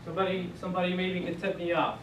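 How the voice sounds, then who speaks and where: A man's voice: sits high, little pitch movement, quick pace. A man teaching a Bible Greek class, joking and encouraging, thinking aloud as he goes. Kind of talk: classroom lecture. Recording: echoey room from a distant mic with noise.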